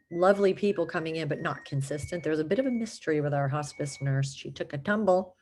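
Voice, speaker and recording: A woman's voice: low voice, darkish tone, husky. A woman chatting casually to the camera, rambling and self-mocking, laughing often and slipping into put-on accents for fun. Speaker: vlogger.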